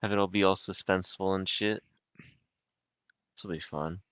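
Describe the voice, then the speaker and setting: A man's voice: deep voice, steady tone, normal speed, a bit bright, clear, resonant tone, no echo. A young man running a tabletop game as game master, narrating in a laid-back way with joking asides.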